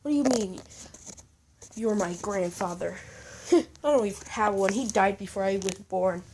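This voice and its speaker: A woman voicing a guarded young anime hero boy who speaks quietly and hesitantly. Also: medium pitch, moderate pace, slight background noise, lightly acted, low-quality recording. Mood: wary.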